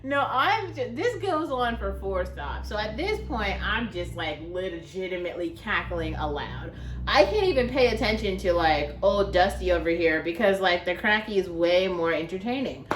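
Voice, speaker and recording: A young woman vlogger telling a story in a chatty, animated way, filling her talk with "like". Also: mid-range voice, moderate pace, slight background noise. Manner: chatty, heavy use of "like", animated. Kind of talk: casual storytelling. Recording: echoey room.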